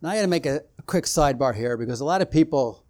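A man's voice: fairly high pitch, animated, rapid-fire, darkish tone. A man preaching a sermon, retelling scripture stories and acting out the quoted exchanges, building in intensity as he goes.

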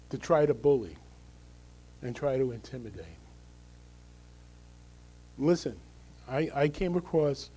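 A man's voice: medium pitch, mellow, husky, low-quality recording. A male pastor giving a conversational, emphatic sermon, often checking in with the congregation through tag questions.

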